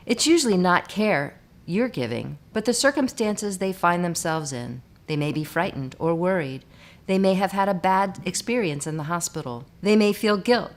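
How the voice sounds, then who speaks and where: A woman reading scripted narration for a hospital staff training video, measured and instructive. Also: on the low side.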